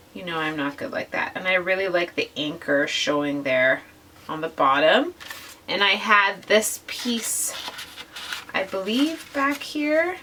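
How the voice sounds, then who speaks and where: Chatty woman, bright voice, slightly nasal. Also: fairly low pitch, recorded from a distance, a little hiss or hum. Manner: chatty and gushing, addresses viewers directly. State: slightly nasal from a summer cold. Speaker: scrapbooking vlogger. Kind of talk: casual craft process narration.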